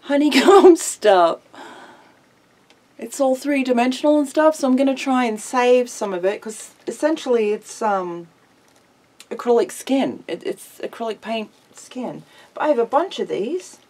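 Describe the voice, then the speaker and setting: Older lady craft vlogger, kinda high voice, slow and rambly, giggles a lot. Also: animated, darkish tone. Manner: chatty and giggly, rambling with fillers. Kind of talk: casual chat to camera. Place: home craft table, indoors.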